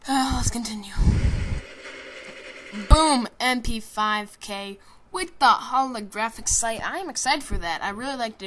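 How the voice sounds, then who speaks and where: A person giving casual, rambling commentary over a game trailer, joking and swearing, with constant fillers and restarts. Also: female voice, mid-range voice, a bit bright, a little hiss or hum. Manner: rambling and jokey, with frequent swearing; self-interrupting, with many fillers and restarts.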